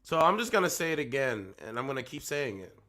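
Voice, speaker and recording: A man reacting to clips with animated, mocking commentary, hoarse from losing his voice. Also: medium pitch, fast talker, background noise. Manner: animated, mocking, laughing, does loud mock voices. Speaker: commentary streamer.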